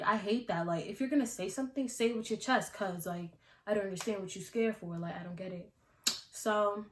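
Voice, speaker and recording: A young woman tells a story to her camera and acts out what everyone said back then. Her voice sits in a middle pitch for a woman. The room around her is echoey. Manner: animated storytelling, acting out her own past lines. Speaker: vlogger. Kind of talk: casual storytime vlog.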